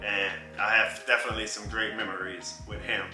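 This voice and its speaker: A man in his thirties telling a personal story in a casual vlog, animated and often laughing. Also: fairly low pitch, brisk. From New Orleans. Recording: roomy with faint music.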